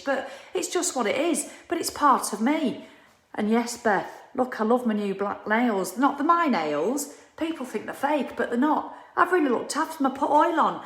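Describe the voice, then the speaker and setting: A woman's voice: on the high side, a bit bright. A middle-aged woman hosting a live self-help session, blunt and emphatic, swearing casually as she coaches. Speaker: gratitude program host. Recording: echoey room.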